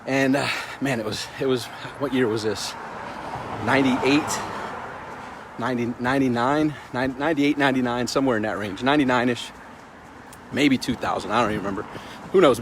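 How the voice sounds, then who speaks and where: A man's voice: medium pitch, brisk, pauses often. Middle-aged guy rambling thru a story on his morning walk, phone mic, faint traffic behind. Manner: rambling, repeats words, greets passersby. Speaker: motivational vlogger. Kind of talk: casual storytelling livestream.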